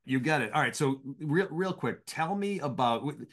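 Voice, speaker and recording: A man's voice: fairly high pitch, lively intonation, normal speed, fairly bright tone. A man hosting a podcast, opening with an upbeat conversational introduction and interviewing his guest. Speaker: podcast host.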